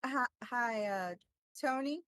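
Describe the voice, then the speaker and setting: A woman's voice: on the high side, expressive, takes it slowly, fairly bright tone, no echo. A woman voicing a polite young Southern belle with a Southern US accent, drily brushing off a suitor.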